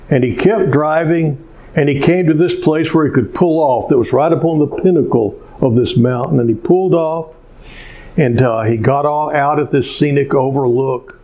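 A male pastor preaching a sermon, telling stories in an unhurried way with many pauses. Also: mid-range voice, mellow.

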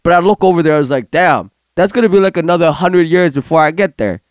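Giggly high-voiced young-sounding man. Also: quick pace, no room sound, clean studio sound. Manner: profane, laughs through his story. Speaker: storyteller recounting a game session. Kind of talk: casual chat.

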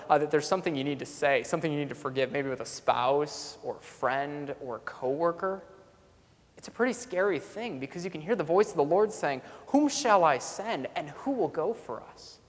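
A man's voice: fairly high pitch, brisk. A man preaching a sermon as a pastor, telling a story earnestly and coming back to a repeated refrain. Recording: long reverb in a large hall.

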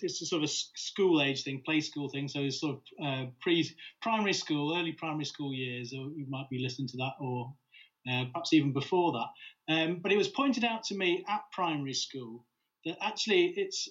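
A man's voice: fairly high pitch, fairly bright tone. A man co-hosting a podcast in casual chat, hesitant and full of fillers. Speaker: podcast co-host. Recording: dull lo-fi sound.

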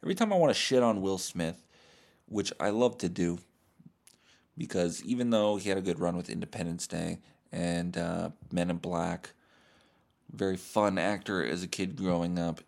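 A comedian and podcast host talking alone, rambling in a profane, self-deprecating way. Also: male voice, low voice, gravelly, a little mellow. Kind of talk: solo podcast monologue.

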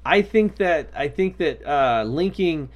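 A man co-hosting a casual podcast chat, rambling and exasperated, sometimes bursting into shouts. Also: a little high, expressive, slow pace, muffled recording. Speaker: podcast co-host.

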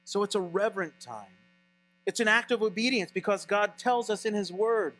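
Bright high-voiced male pastor preaching. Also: normal speed. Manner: animated, conversational preaching. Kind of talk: sermon.

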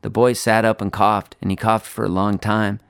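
Low, gravelly male narrator for a spoken-word story, quiet and unhurried, dry close recording. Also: level tone, dry recording. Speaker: author reading his story.

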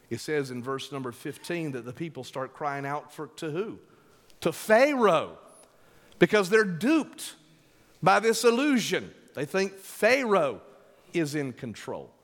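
Man preaching slow and emphatic, voice swings up and down a lot, long echo like a big hall. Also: fairly high pitch. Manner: emphatic, drawn-out delivery with call-and-response to the congregation. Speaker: pastor. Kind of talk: sermon.

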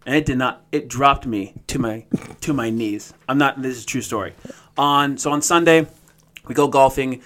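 A man's voice: mid-range voice, normal speed, a bit bright. A man in his thirties telling a rambling story in casual chat, laughing often and swearing freely.

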